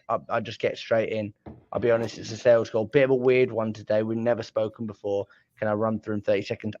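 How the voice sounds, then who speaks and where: A British man talking sales on a video call, blunt and chatty, with lots of filler likes and quick restarts. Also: mid-range voice, a bit bright, no echo, muffled recording. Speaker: sales guest. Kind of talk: casual panel chat.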